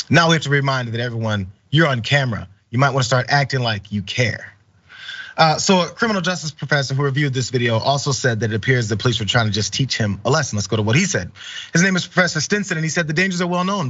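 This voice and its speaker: A man's voice: mid-range voice, a bit bright, no echo, dull audio. A man hosting online news commentary, talking loosely with many fillers and pressing indignant rhetorical questions.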